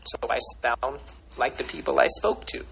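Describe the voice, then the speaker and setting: A man's voice: medium pitch, normal speed, vocal fry, noisy background. A man hosting a casual discussion, rambling in long clauses as he thinks aloud.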